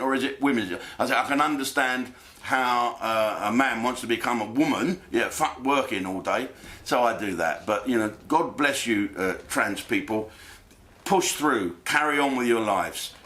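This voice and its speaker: A man's voice: mid-range voice, bright, forceful tone. A man delivering a crude, rambling comic rant on his own channel, swearing freely and jumping between asides. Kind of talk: ranting comic monologue.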